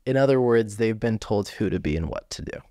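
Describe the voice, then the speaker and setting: Guy hosting a podcast, lowish voice, measured and deliberate, dry close mic. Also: lively intonation, dark tone, no room sound. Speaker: podcast host. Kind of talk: interview questions. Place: podcast studio.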